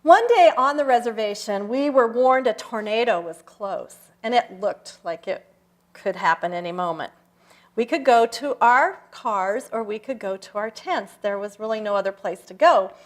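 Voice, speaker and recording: An older woman giving a personal talk at a church service, telling stories reflectively with slow, emphatic pauses. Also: a little high, animated. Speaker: guest speaker. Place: church sanctuary.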